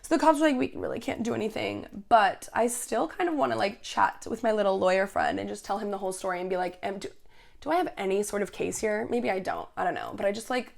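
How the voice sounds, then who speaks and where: A woman's voice: mid-range voice, fast talker, vocal fry. Heated, swearing woman telling a roommate story. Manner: swears a lot, heated and animated, quotes people as she tells it. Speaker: podcast host. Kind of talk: casual storytelling.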